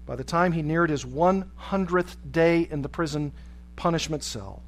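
A man preaching, narrating a dramatic story in a measured way that slows for emphasis. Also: fairly high pitch, slight background noise, rough recording.

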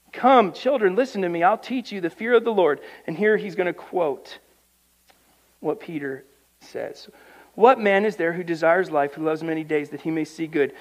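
A man preaching a sermon, reading scripture aloud and breaking in with emphatic commentary, swinging from quiet asides to loud, drawn-out emphasis. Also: on the high side, animated. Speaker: pastor.

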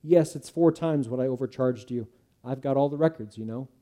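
A man's voice: mid-range voice, brisk, mellow, natural voice. A male preacher reading the part of a humble, repentant tax collector, speaking earnestly and pleadingly.

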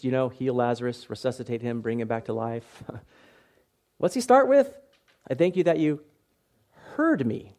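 Guy preaching a sermon, kinda higher voice, chatty, keeps saying right?. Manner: conversational, tag questions, bursts into loud acted shouts. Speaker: pastor. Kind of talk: expository sermon.

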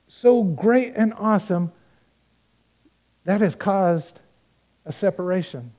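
High-voiced pastor preaching a sermon. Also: male voice. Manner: storytelling with acted-out dialogue, swinging between loud and hushed; earnest, direct address to the congregation.

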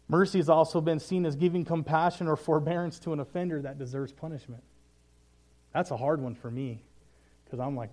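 A man leading a Bible study, preaching in a casual, self-deprecating, storytelling way that turns quiet and earnest. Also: fairly high pitch, fairly quick. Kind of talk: casual sermon.

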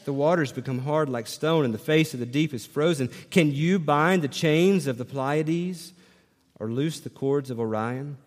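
A man preaching a sermon and reading scripture aloud, animated and questioning his listeners. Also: on the high side, normal speed, long reverb tail. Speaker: pastor.

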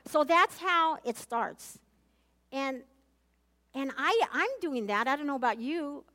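A Bible teacher with a high, fairly bright voice leads a conversational Bible study at a measured pace with lively intonation. She earnestly puts questions straight to her listeners, often repeating and restarting her phrases.

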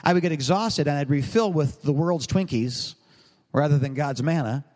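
A middle-aged male pastor preaching a sermon in a relaxed, joking, rambling way, with asides to the congregation. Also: on the high side, normal speed. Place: large church hall. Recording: long hall reverb.

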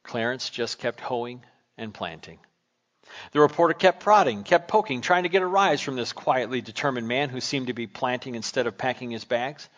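A man's voice: mid-range voice, moderate pace, fairly bright tone. A male pastor preaching a sermon, telling a story and asking searching questions in an earnest way.

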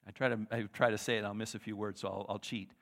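A male pastor preaching a sermon in a conversational, animated way, acting out the people in the story. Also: fairly low pitch, fast talker, big-room sound. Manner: animated, conversational, acts out quotes.

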